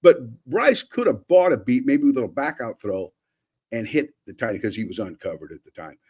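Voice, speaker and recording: Husky older coach breaking down film. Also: male voice, medium pitch, a little fast. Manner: animated, acts out quotes, many restarts. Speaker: former offensive coordinator, analyst.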